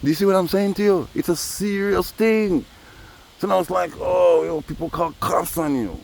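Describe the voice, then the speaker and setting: Outdoors, with faint traffic noise in the background, a male vlogger rambles through a casual monologue, dropping "you know" every few phrases. His voice is high and creaky, at a moderate pace.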